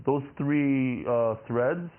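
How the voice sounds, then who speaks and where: A man's voice: mid-range voice, very slow. A man giving a Talmud lesson, explaining by asking questions and answering them himself. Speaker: Talmud teacher. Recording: tinny phone-like recording.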